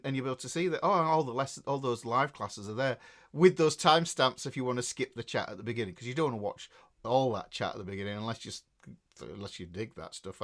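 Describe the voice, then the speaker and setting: A man's voice: a little high, a bit bright. A man with a Northern English accent hosting a live guitar class, chatting casually and reading out viewers' greetings. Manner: chatty and rambling, with frequent restarts and laughs.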